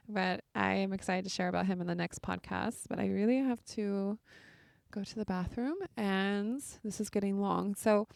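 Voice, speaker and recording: A woman's voice: mid-range voice, gravelly, a little mellow, clear, resonant tone, no echo, clean studio sound. A woman hosting a podcast, telling a personal story in a casual, chatty way full of filler words. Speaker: podcast host.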